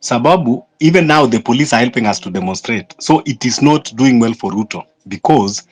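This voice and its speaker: Confident man caller, mid-pitched, upbeat. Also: lively intonation, a little fast, breathy edge.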